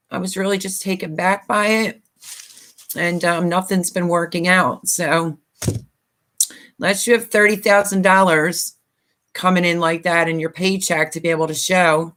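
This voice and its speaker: A woman's voice: fairly low pitch, fairly bright tone. A middle-aged woman from Pennsylvania talking on a live stream, choked up and close to tears, apologetic and rambling with many fillers. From Pennsylvania, USA. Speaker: YouTuber hosting a live stream. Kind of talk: emotional casual live-stream talk.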